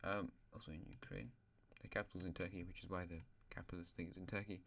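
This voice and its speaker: Very low male voice, casual map narrator, rambles and corrects himself mid-sentence. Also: steady tone, quick pace, vocal fry, a bit bright, a little hiss or hum. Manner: rambling, self-correcting, joking asides. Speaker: host of a map series.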